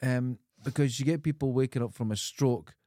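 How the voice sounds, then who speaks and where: A Scottish man in a mid-pitched speaking voice, telling anecdotes on a podcast in a loose way. He trails off and restarts as he goes. The recording is dry, with no echo. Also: normal speed, warm tone. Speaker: podcast co-host. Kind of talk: casual chat.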